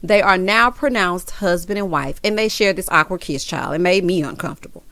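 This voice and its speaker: A sassy woman talking through a reality show recap, full of side-eye asides, honeys and childs. She throws in loud, high bursts of laughter. The sound is dry and close. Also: fairly quick, no room sound. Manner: addresses viewers as honey and child. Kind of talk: casual recap commentary.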